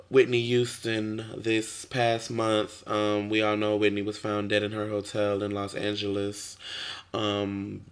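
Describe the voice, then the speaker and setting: Sassy chatty man with a bright edge. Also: lowish voice. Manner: sassy, chatty, drawn-out fillers. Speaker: vlogger. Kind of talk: casual camera commentary.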